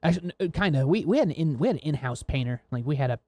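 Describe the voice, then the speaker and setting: A man's voice: on the high side, lively intonation, very fast, a little mellow, no room sound. An American man co-hosting a podcast, telling rambling, laughing, swear-filled work stories in casual chat. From United States. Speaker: podcast co-host.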